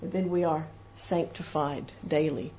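A woman's voice: sits low, steady tone, measured pace. A woman preaching a devotional sermon in an earnest way, sometimes acting out the voices of doubters and of people praying. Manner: earnest, acts out little voices of doubters and prayers. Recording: dull lo-fi recording with faint noise.

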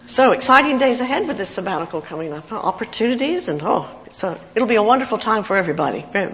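A woman's voice: medium pitch, dull audio. Woman preaching in an echoey hall. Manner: expressive, reads scripture with rising emotion. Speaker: lay preacher. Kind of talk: informal sermon.

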